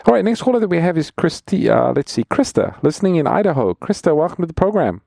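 A man co-hosting a call-in radio Bible show, introducing callers and offers in a brisk, announcer-like manner. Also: a little high, big pitch swings, creaky, mellow, dry recording. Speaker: co-host pastor taking calls.

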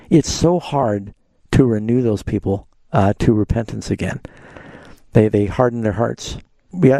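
A man's voice: medium pitch, gravelly, dark tone, dry recording. A man hosting a live call-in radio show, answering Bible questions and leading callers with simple questions. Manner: pastoral, asks leading questions.

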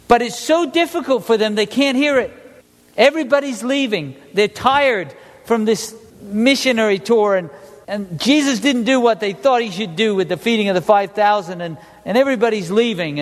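A man with a high voice preaches a sermon with lively energy, quizzing his congregation as he goes. His voice carries a long reverb, as if he were recorded in a large hall. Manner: animated, asks the congregation questions.

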